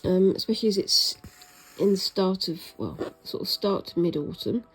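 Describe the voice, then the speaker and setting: A woman's voice: medium pitch, normal speed, breathy edge, rough recording. A woman chatting casually and rambling a little as she stitches a craft project, with a self-mocking humour. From Britain. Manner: rambling, self-mocking, soft-spoken at times. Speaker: craft vlogger. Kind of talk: casual chat while stitching.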